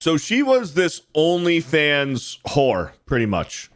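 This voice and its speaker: A man's voice: fairly high pitch, huge pitch swings, slow pace. A man hosting a podcast in casual chat, talking bluntly and crudely with plenty of swearing. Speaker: podcast host.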